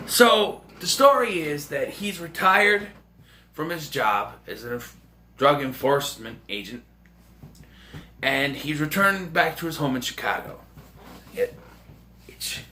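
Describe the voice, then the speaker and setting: Lively, bright-voiced young man reviewing movies. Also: fairly high pitch. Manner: rambling, excitable, jokey. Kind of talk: casual movie review vlog.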